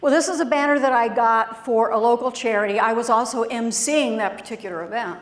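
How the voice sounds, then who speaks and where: Animated woman giving a keynote in an echoey room. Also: on the high side, a little fast. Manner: conversational, animated storytelling with acted quotes. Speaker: keynote speaker. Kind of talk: storytelling keynote speech.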